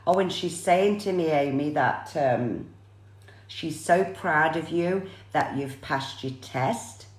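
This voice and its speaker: Low-voiced woman medium, roomy sound. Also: slow pace. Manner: chatty, repeats viewers' names often. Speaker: psychic medium. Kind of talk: live-streamed reading for viewers.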